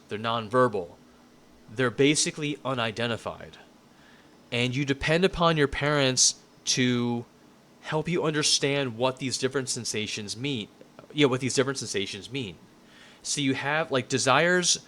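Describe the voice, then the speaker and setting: A man in his thirties talks through a lecture in a loose, rambling way, restarting his sentences as he goes. His pitch sits in a plain middle range. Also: a bit bright, a little hiss or hum. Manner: conversational, rambling with restarts and personal anecdotes. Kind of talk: casual spoken lecture.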